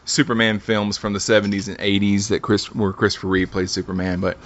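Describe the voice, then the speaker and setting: A man's voice: fairly low pitch, little pitch movement, fairly quick. A man hosting a casual podcast, reading quiz setups and laughing often. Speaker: podcast host running a quiz game. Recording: dull lo-fi sound.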